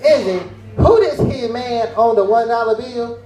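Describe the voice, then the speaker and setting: A man's voice: very high-pitched, measured pace, dark tone, far from the mic, soft background music, pitched above the performer's own voice. A man doing a stubborn old grandma. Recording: roomy cafe stage.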